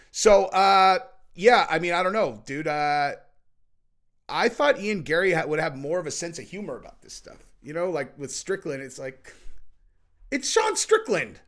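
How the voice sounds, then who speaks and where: A male commentary host ranting casually in blunt, profane language, with a dry, wry edge. His voice sits fairly high for a man. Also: expressive, a little fast, fairly bright tone. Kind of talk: casual rant-style commentary.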